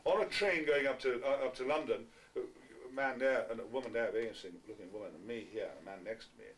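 A guest actor in his sixties entertains fans with wry, self-mocking anecdotes, delivered theatrically in a mid-range, slightly bright voice at a fast clip. The small indoor venue is packed, and the amateur recording is distant with a faint hiss.

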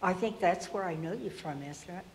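A woman in the audience puts a question to the panel, politely and with some halting. Her voice sits somewhat low. The hall adds a long reverb and a faint background hum. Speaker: audience member asking a question.

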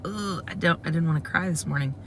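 Young mom vlogger, low gravelly voice, rambly and candid, a bit of faint hiss. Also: female voice, fast. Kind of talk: casual vlog chat. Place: parking lot, then store.

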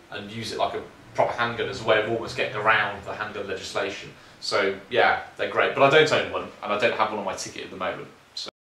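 A man's voice: on the low side, bright, forceful tone, recorded from a distance. A British man casually answering viewer questions on his shooting channel, rambling with lots of ums and informal asides. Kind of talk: casual Q&A chat. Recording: roomy, off-mic, faint hiss.

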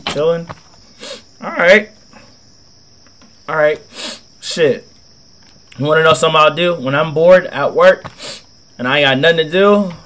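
A young man with a cold talks over a game in a slightly high voice. He rambles loosely through his stories, heavy on slang and swearing, like a casual hangout with viewers. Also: fairly bright tone, a little hiss or hum. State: has a cold. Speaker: gaming video host. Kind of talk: casual gameplay commentary.

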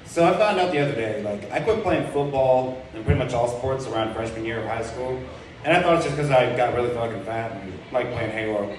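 Heard from a distance in a very echoey club room, with a little hiss or hum, a young comic performs on stage in a brisk, medium-pitched voice. His set rambles and turns crude, packed with fillers and jokes at his own expense.

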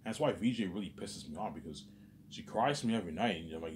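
Low deep-voiced guy rambling on his vlog, keeps saying obviously and man, swears a lot, faint background hiss. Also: expressive, fast. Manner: repetitive, peppers speech with "obviously" and "man"; agitated, swears often. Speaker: vlogger. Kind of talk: rambling monologue.

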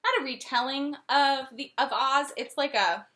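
Bright-voiced chatty young woman. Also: high voice, moderate pace. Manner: chatty, with restarts and acted quotes. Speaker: podcast co-host. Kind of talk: casual chat. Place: apartment living room. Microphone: camera.

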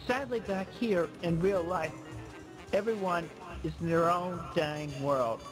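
A man narrating his own video in a scripted, earnest and plaintive way, speaking deliberately. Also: high voice. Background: music.

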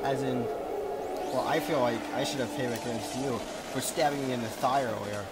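A man's voice: mid-range voice, fairly even intonation, fairly quick, heavy background noise. A man giving casual, jokey commentary over a video game with a friend. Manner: jokey, playful banter. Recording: game music behind.

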